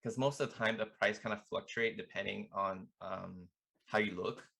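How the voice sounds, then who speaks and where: A young man with a fairly low voice gives a relaxed online language lesson. He talks in a loose, chatty way, full of "like" and "you know", as a student club tutor. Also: moderate pace, gravelly, husky.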